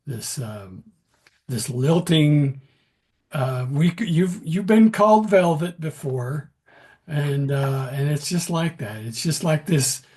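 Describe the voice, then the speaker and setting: A man, an author hosting a casual interview, asking rambling, drawn-out questions. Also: mid-range voice, darkish tone, breathy edge. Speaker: author and host.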